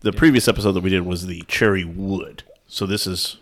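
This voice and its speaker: A man's voice: low voice, fairly even intonation, fairly quick. A man in casual podcast chat, explaining in a knowing way. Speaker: podcast co-host. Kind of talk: casual chat over beer tasting.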